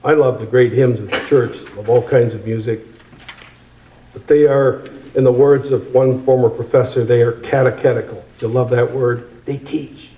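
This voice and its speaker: A man preaching a sermon, emphatic and repeating phrases, slowing down on key words. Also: medium pitch, fairly even intonation, warm tone, echoey room, muffled recording.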